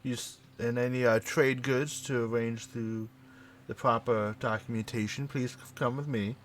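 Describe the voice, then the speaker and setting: A man's voice: medium pitch, steady tone, moderate pace, a little hiss or hum, lightly acted. A man doing a greasy, smug dock official. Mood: officious. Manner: officious, dismissive. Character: greasy middle-aged male dock official, smug and rude.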